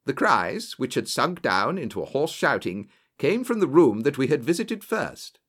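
A man's voice: medium pitch, very animated, normal speed, fairly bright tone. A man narrating a story aloud, telling it with varied character voices. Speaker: audiobook narrator. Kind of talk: scripted narration.

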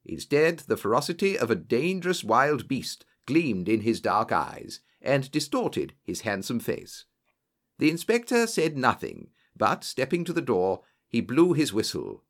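Guy reading a story out loud, pitch jumping all over, does the voices too. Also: unhurried. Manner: lively storytelling with varied character voices. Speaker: audiobook narrator. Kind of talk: scripted narration.

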